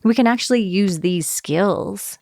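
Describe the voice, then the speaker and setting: A woman's voice: mid-range voice, unhurried, darkish tone, dry recording, studio quality. A woman therapist hosting a podcast, explaining in a conversational way and often checking in with the listener. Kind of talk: podcast talk.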